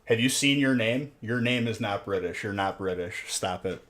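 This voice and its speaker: A man's voice: mid-range voice, moderate pace, fairly bright tone. A man hosting a casual livestream, bantering and teasing his chat viewers. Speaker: livestream host of card box breaks. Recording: echoey room, faint background noise.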